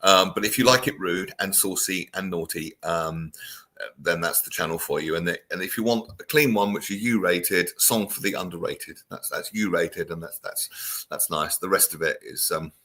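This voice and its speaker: A man's voice: low-pitched, normal speed, sharp tone. A man hosting a casual chat show, joking with listeners and reading their comments aloud. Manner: jokey, chatty, reads listener comments aloud. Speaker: radio show host.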